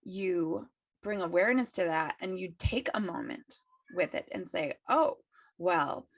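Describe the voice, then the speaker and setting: A woman's voice: lowish voice, normal speed, creaky, no echo, studio quality. A woman co-hosting a spiritual podcast, talking earnestly and encouragingly. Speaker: podcast co-host. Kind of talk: casual spiritual chat.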